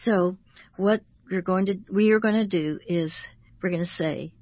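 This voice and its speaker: A woman who is a Christian author, speaking as a guest on a radio talk show in a measured, teaching manner and slowing down to stress each word. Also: lowish voice, no room sound, dull audio.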